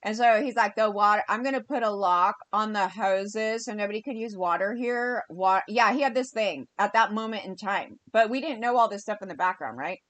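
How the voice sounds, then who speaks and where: A woman's voice: mid-range voice, a bit bright, dry recording. A woman, ranting heatedly in a vlog monologue and acting out what others said. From California. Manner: heated, fast ranting with quoted dialogue. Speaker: vlogger.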